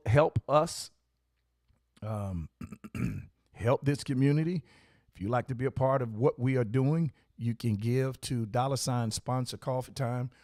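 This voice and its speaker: A man's voice: mid-range voice, darkish tone, no room sound, studio quality. A man who owns a coffee shop and hosts the show, telling stories and giving motivational advice in an emphatic, repetitive, preacherly way. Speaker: coffee shop owner and host. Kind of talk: motivational storytelling talk.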